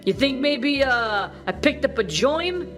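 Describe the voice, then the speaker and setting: A woman's voice: sits high, lively intonation, unhurried, music in the background. A woman voicing a sick, grumpy young male janitor who coughs and grumbles in slang. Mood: grumbling. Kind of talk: cartoon voice acting.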